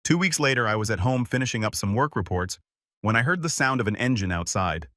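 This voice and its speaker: A man giving a steady, measured first-person narration of a scripted story. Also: mid-range voice, no room sound, studio quality.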